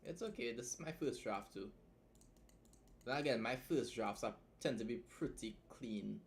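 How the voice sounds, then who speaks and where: A man's voice: medium pitch, moderate pace, gravelly, slight background noise. A tired young man streaming a casual writing tutorial, chatty and loose, often tagging his points with "right?". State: tired from staying up long. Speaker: writing streamer teaching editing.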